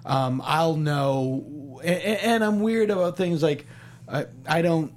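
A man in his fifties, a stand-up comedian, chatting as an interview guest in a halting way with many restarts. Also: on the high side. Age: 50s. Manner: halting, full of restarts and fillers. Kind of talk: casual interview chat.

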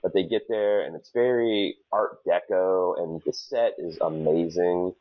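Low-voiced male podcast co-host, animated and jokey, muffled recording. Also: a little slow. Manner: animated, stammering restarts, jokey. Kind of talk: casual recap chat.

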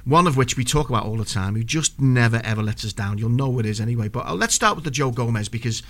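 A man's voice: medium pitch, expressive, fast, fairly bright tone. A man, co-hosting a casual football chat and telling rambling anecdotes with lots of restarts. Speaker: podcast co-host.

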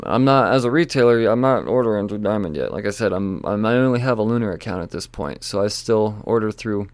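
A man's voice: on the low side, vocal fry, no room sound. A man casually running through the week's new comic books, rambling, joking and swearing as he goes. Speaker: comic book shop owner reviewing weekly releases. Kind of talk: casual solo chat about new releases.

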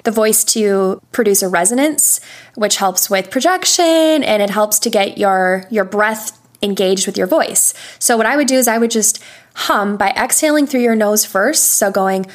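Calm, patient woman voice coach. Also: medium pitch. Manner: patient, explanatory, with demonstrations. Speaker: voice coach and session singer. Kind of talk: instructional interview answers.

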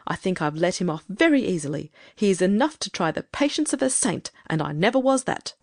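A woman voicing a stern, irritable grown woman in an audiobook, speaking in a brisk, firm, scolding way. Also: lowish voice, very animated, a little mellow, no echo, studio quality. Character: stern, irritable grown woman who sets strict rules. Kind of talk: audiobook character reading.

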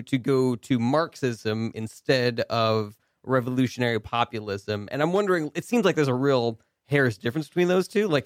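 Comedy radio host, male, mid-pitched, earnest-sounding with many ums, dry close mic. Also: dry recording. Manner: mock-earnest, hesitant with fillers. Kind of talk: comedic interview parody. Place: radio studio.

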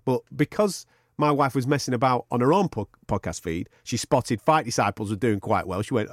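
A man hosting a podcast in casual, sweary banter, his pitch swinging up and down as he talks and laughs. He is recorded close on a dry studio mic with no room sound. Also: lively intonation, fairly quick, no room sound. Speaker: podcast co-host.

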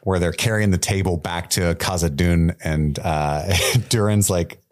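A man's voice: sits low, steady tone, a little slow, dry recording, clean studio sound. A man co-hosting a podcast, chatting casually through an episode recap, laughing often and mimicking characters' lines. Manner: laughs often, acts out lines in mocking voices. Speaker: podcast co-host.

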